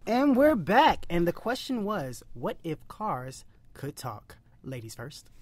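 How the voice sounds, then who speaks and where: A woman hosting a podcast in casual chat, playful and teasing as she fires off quick questions. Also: fairly low pitch, sing-song, darkish tone, dry recording. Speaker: podcast host.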